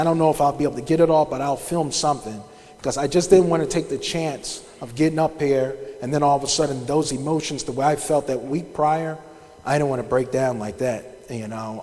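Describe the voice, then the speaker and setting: A man in his fifties giving a personal testimony in church, telling his story conversationally with frequent pauses and restarts. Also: a little high, a little mellow. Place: church sanctuary. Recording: long reverb of a large church hall.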